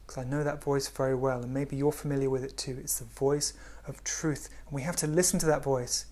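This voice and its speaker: A man giving a spiritual talk in a gentle, unhurried way, often dropping to a hush. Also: medium pitch, steady tone. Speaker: spiritual teacher.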